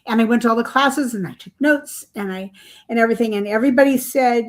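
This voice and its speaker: Speaking at a quick pace with a voice on the high side, an older woman author recounts her story on a podcast. Her telling is rambling and chatty, full of fillers and small laughs.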